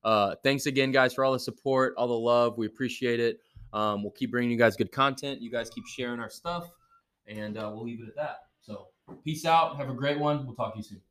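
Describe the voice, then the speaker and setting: A man's voice: medium pitch, fairly even intonation, a little fast, fairly bright tone. Easygoing laughing podcast co-host, a man. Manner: easygoing, laughs often, trails off mid-thought. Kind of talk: casual podcast banter.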